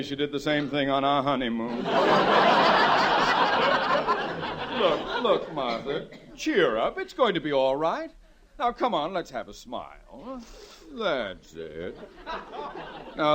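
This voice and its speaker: An actor playing a boastful, blustering middle-aged male banker turned farmer in a 1940s radio sitcom, a father who chuckles at his own jokes. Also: on the high side. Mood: coaxing. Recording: hissy 1940s radio recording.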